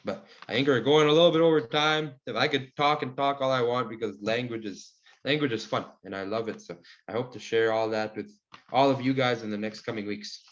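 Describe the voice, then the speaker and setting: A man teaching an online language class, answering questions in a relaxed, friendly way with many fillers. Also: medium pitch, fairly quick. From Saskatchewan, Canada. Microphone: video call. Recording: muffled video call audio.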